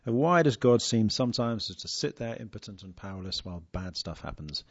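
A man hosting a casual podcast, relaxed and chuckling, reading out listener questions. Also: lowish voice, brisk, no echo. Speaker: podcast host. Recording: dull lo-fi sound.

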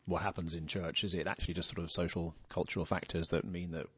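A man hosting a casual podcast, relaxed and chuckling, reading out listener questions. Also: low voice, quick pace, slightly rough, no echo. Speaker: podcast host. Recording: dull lo-fi sound.

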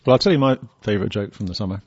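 A man hosting a casual podcast, relaxed and chuckling, reading out listener questions. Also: lowish voice, rapid-fire, breathy edge. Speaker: podcast host. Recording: dull lo-fi sound.

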